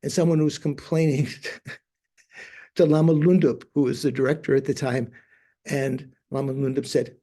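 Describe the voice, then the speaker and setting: An older man, a Buddhist monk teacher, telling stories in a teaching talk, often pausing to search for words. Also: medium pitch, flat delivery, mellow. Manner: hesitant, searching for words with many fillers.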